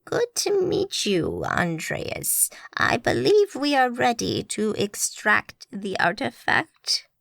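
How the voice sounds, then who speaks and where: A woman voicing a slow, gravelly power-hungry man. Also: on the high side, huge pitch swings, fairly bright tone, no room sound, studio quality, heavily acted. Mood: measured. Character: commanding middle-aged man, cold and power-hungry. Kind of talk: audiobook character voice.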